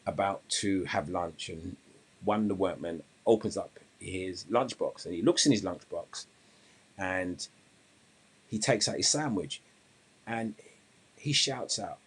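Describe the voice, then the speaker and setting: A man's voice: deep voice, a little slow, pauses often, husky. A man hosting a weight-loss coaching podcast, talking casually and rambling, with restarts before an earnest moral point. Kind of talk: casual live-stream talk and storytelling.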